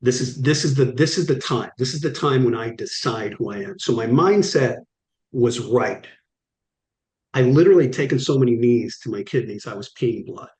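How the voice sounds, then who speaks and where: Middle-aged man, interview guest, animated storyteller, acts out quotes, roomy echo. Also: medium pitch, moderate pace. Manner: vivid, acts out quoted dialogue. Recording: echoey room.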